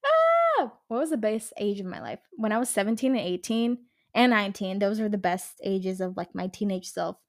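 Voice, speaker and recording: A woman's voice: medium pitch, fairly even intonation, fairly quick. Rambling young woman, chatty podcast host. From Los Angeles area. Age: 20s. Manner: rambling, chatty, swears freely, says "like" and "literally" often. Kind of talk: casual solo podcast chat.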